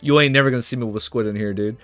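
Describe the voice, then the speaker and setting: A man livestreaming, chatting casually and reading aloud, excitable and laughing often, saying "dude" a lot. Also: medium pitch, racing, no echo.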